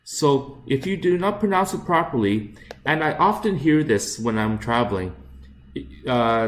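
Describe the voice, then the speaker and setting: A man teaching English pronunciation, repeating each word slowly and carefully, with frequent fillers. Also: mid-range voice, lively intonation. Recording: echoey room.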